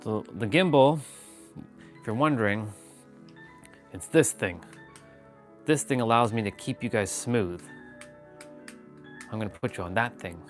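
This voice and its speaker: At home, a vlogger live streams from his phone on a gimbal, rambling casually and greeting viewers by name. His voice sits lowish and unhurried, with long pauses, while faint music plays in the background.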